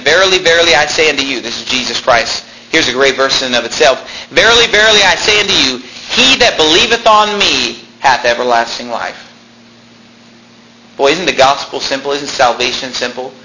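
A man's voice: medium pitch, bright, forceful tone, a little hiss or hum, rough recording. A man preaching a sermon as a pastor, emphatic, repeating phrases and quoting old-fashioned scripture.

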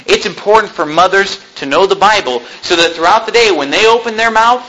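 A man preaching a sermon in a folksy, animated way, with asides and humor. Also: high voice, a little fast, poor audio. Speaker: pastor.

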